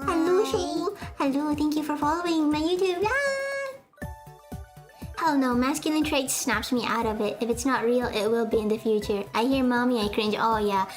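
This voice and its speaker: Chatty young woman streamer, high voice. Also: fairly even intonation, brisk, hardly any pauses. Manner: rambling, self-mocking, many fillers and restarts. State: sweaty. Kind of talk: casual chat with viewers. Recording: faint music behind.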